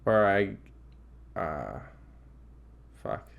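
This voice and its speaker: A man's voice: low voice, very animated, drawn-out words, creaky, phone-quality sound, slight background noise. A man co-hosting a podcast in casual chat, opinionated and profane, often laughing. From Canada. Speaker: podcast co-host.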